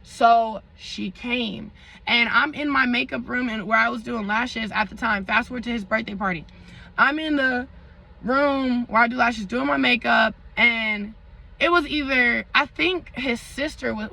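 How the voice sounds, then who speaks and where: A young woman vlogger tells a dramatic storytime with lots of slang and side comments to her audience. Her voice sits high and sounds sharp and bright. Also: moderate pace, gravelly, poor audio. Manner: animated, dramatic storytelling with slang and asides to viewers. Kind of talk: storytime vlog.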